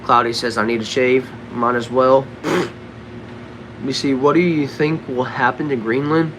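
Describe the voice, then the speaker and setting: A young man with a Southern accent from Texas, casually answering chat questions on a livestream in a relaxed, drawling way. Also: medium pitch, a little slow, noisy background. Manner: laid-back, drawling, says bro and dude a lot. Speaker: livestream host reading chat. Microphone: desk microphone.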